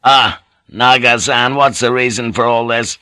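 A man's voice: mid-range voice, fairly even intonation, unhurried, sharp tone, no room sound, pitched above the performer's own voice. A man reading an audiobook and voicing a proud, scheming samurai lord who speaks curtly and haughtily. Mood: haughty.

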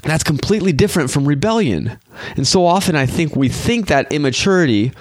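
Young male podcast host, animated, voice rises and falls a lot, dry close sound. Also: fairly high pitch, brisk, no echo. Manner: animated, acts out quoted voices. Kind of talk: casual faith talk.

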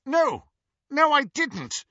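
A man reading an audiobook, voicing a brooding, defensive young wizard boy in a low, guarded voice. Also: very animated, normal speed, pushed and bright, slightly rough, no echo, exaggerated voice. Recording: slightly dull, dry recording.

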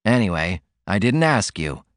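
A man's voice: fairly low pitch, very animated, unhurried, dry recording, clean studio sound. A man voicing a proud, poor young man who talks earnestly and defensively.

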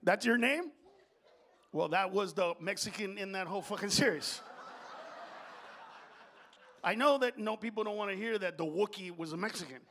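A man doing a stand-up comedy routine on stage into a handheld mic, profane and swinging between shouted bursts and low, confiding stretches. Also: moderate pace, long pauses, slight background noise.

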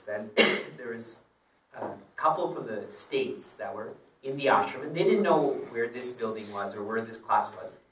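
A man's voice: medium pitch, lively intonation, measured pace, a bit bright, a little hiss or hum. A man teaching as a spiritual teacher, telling personal stories in a chatty way and laughing along with them. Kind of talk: devotional discourse with personal stories. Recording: roomy sound from a distant mic.

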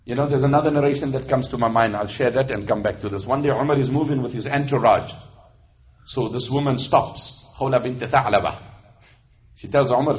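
Animated male preacher, lo-fi sound. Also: medium pitch, a little fast. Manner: animated, shifts between loud emphasis and hushed narration. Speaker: Islamic preacher. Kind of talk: sermon storytelling.

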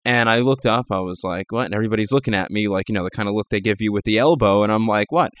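A man's voice: lowish voice, fairly even intonation, very fast. A man co-hosting a casual talk show, rambling along with many fillers and restarts.

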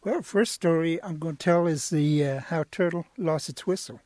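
A man telling a traditional animal story the way he tells it to schoolchildren, relaxed and animated. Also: a little high, moderate pace, no echo. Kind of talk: oral folk storytelling.

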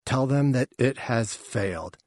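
A man's voice: mid-range voice, expressive, unhurried, a little mellow, dry recording, studio quality. A man reading aloud voicing a harsh, contemptuous female alien elder with a cold, commanding manner.

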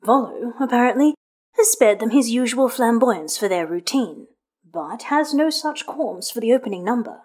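A woman narrating fan fiction in a calm, even reading voice. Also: mid-range voice, normal speed.

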